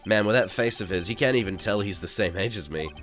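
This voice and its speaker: A man's voice: lowish voice, fast, a bit bright, soft background music, natural voice. A man voicing a laid-back, vain male TV star in a game reading, with a drawling surfer-dude way of talking. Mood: dismissive.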